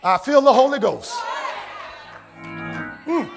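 A man with an American accent preaches a sermon in a very high, gravelly voice. He swings between quiet asides and shouted, drawn-out declarations. Soft music plays faintly behind him. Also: expressive, a crowd in the background. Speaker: pastor. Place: church sanctuary.

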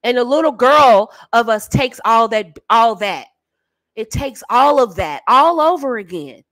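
A woman's voice: on the high side, lively intonation, measured pace, fairly bright tone, no echo. A woman hosting a channel as a dating coach, giving sassy, emphatic straight-talking advice and calling the listener baby and honey.

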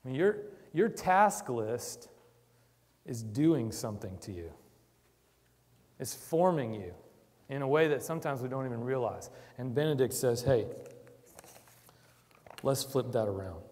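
A man's voice: mid-range voice, expressive, measured pace, pauses often, long reverb tail. Man preaching with a lot of swing in his voice. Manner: conversational, swings from quiet reflection to loud emphatic urging. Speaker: church speaker. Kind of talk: sermon.

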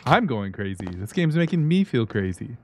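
A man's voice: mid-range voice, big pitch swings, normal speed, background noise. Jumpy man yelping through horror commentary. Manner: talks to himself, jumpy startled yelps and gasps. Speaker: gaming YouTuber. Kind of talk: let's-play horror game commentary. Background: game music.

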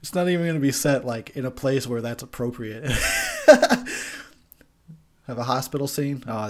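A young man giving a tipsy, profane movie commentary, rambling and laughing at his own jokes. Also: medium pitch. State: tipsy from beer.

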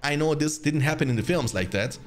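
A young man commentating his own strategy game match for viewers, chatty and quick to get excited. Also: fairly high pitch, slight background noise. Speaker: gaming channel host. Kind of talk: live gameplay commentary.

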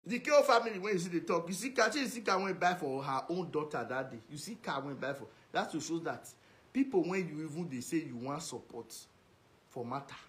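Man, Nigerian Pidgin accent, high voice, scolding rant, repetitive insults. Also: brisk, a bit bright. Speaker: social media commentator. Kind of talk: ranting video message.

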